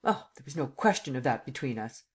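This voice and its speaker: A man's voice: medium pitch, expressive, fairly quick, slightly rough. A man voicing a harsh, imperious emperor. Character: imperious emperor, male adult, harsh and commanding.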